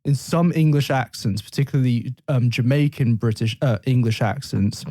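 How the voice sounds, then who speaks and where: A man's voice: mid-range voice, moderate pace, warm tone, dry recording. A man hosting a language podcast in casual chat, playful and jokey, explaining English words. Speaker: podcast host.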